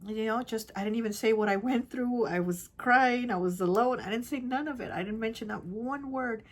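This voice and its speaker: A woman tarot reader telling a personal story in casual chat, rambling and repeating herself, often dropping to a soft, hushed voice. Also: a little high, normal speed. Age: adult with children. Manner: rambling, repeats herself, many "like" and "you know".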